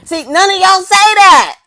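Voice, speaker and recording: High-voiced woman delivering a mocking rant. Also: lively intonation, a little slow, a bit bright. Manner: mocking, confrontational, rhetorical questions, repeats her lines. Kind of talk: preachy video rant.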